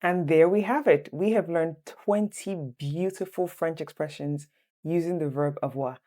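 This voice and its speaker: Mellow-voiced woman teaching French. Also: low voice. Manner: repeats each phrase slowly, chatty asides. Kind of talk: online language lesson.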